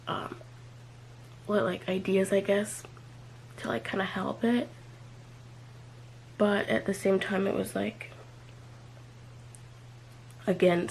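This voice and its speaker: Hesitant young woman with vocal fry. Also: mid-range voice, a little mellow, slight background noise, poor audio. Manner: hesitant, filler-heavy, many "like"s and trailing off. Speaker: vlogger. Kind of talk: personal confessional vlog.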